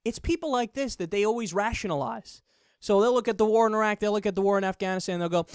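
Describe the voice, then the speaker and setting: A man giving heated, sarcastic political commentary, mocking his opponents and sometimes rising to an angry near-shout. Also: sits high, quick pace, smooth, dry recording, clean studio sound. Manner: sarcastic, mocking, mimics opponents in put-on voices.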